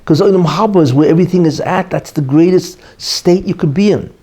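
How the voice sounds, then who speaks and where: A man's voice: high voice, fairly quick, warm tone. A man, a rabbi, giving an informal Torah class, telling a story and acting out its characters, talking in a loose conversational way full of "you know". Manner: acts out quoted characters in the story.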